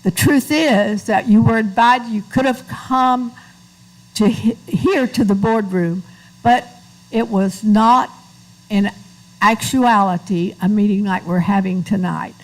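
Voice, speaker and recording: A woman's voice: medium pitch, slow pace, low-quality recording. Matter-of-fact woman chairing a meeting. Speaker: board president chairing meeting.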